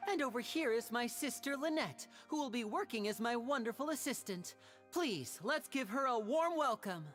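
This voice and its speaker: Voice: mid-range voice, animated, normal speed, a bit bright, faint music behind, lightly acted. A performer voicing a showy young male stage magician who talks like a courteous, theatrical showman.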